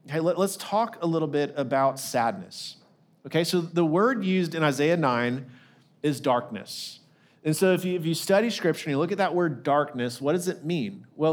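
A middle-aged man preaching, his voice sitting a little high for a man. He talks conversationally, restarting phrases and throwing in casual asides as he works through the scripture. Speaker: lead pastor. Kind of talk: sermon.

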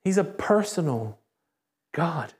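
A man preaching a sermon as a pastor, speaking conversationally and emphatically, with repeated phrases and animated rises. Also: a little high, takes it slowly. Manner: animated, rises sharply when excited. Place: church.

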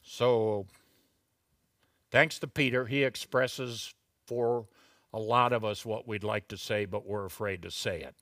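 Middle-aged male preacher, deliberate pace, bright forceful voice, chatty asides with emphatic peaks. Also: fairly even intonation, dry recording, studio quality. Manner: slow, deliberate delivery with sudden loud, high emphatic bursts; conversational asides and chuckles. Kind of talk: expository sermon.

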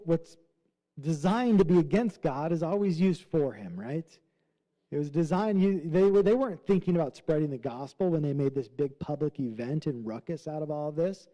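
Conversational male pastor, dark voice. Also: fairly high pitch, low-quality recording. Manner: conversational, frequent "right?" asides. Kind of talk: sermon.

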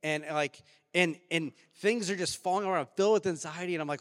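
A man preaches in a lively, animated way, his voice sitting a little high. He rises into loud outbursts and then drops into quiet, reflective stretches. The sound carries the long reverb of a large hall. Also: a little fast, few pauses. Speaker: pastor. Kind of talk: sermon. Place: church sanctuary.

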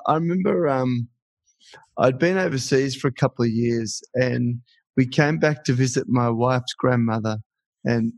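A co-host tells a story in an easy, conversational way. His voice carries a gravelly texture. The sound is dry, with no room around it. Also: medium pitch, no echo. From Australia. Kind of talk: casual storytelling.

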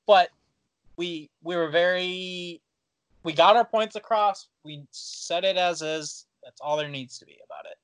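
A man's voice: high-pitched, measured pace, no room sound. A man co-hosting a podcast, talking earnestly in casual chat with repeated restarts. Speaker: podcast co-host.

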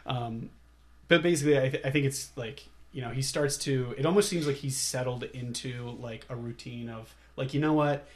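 Brief: easygoing male podcast co-host, casual chatter, quick laughs, mid-pitched voice. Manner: laid-back, laughs often, acts out scenes in quotes. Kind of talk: casual movie chat.

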